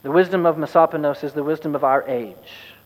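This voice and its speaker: A man preaching a sermon as pastor, earnest and measured with wry asides. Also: a little high, long reverb tail, poor audio.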